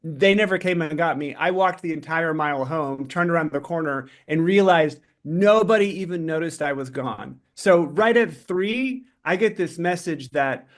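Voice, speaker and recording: A middle-aged man speaking as a podcast guest, telling a candid personal story in a fast, animated way, interrupting himself with many fillers. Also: on the high side.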